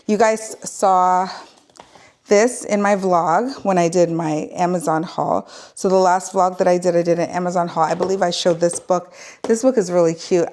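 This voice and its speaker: A woman talks through a home decor haul in a loose, chatty way, often stopping to correct herself. Her voice sits at a middle pitch. Soft music plays faintly behind her. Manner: chatty, rambling, self-correcting. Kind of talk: casual haul vlog.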